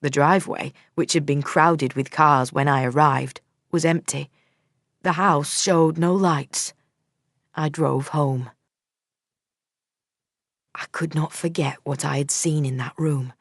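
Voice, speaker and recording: A woman narrating a first-person audiobook in a measured, steady storytelling manner. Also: deep voice, dry recording, studio quality.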